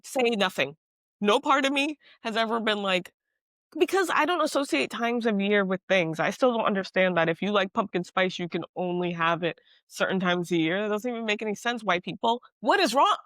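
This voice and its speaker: A woman co-hosting a podcast in casual chat. She talks in animated, exasperated rants with emphatic outbursts. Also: mid-range voice, fairly quick, no room sound. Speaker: podcast co-host.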